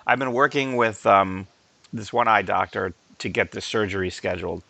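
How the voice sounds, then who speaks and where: A man's voice: lowish voice, normal speed, gravelly, no room sound. A man co-hosting a podcast, telling stories in casual chat and laughing often. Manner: animated storyteller, laughs often. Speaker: podcast co-host.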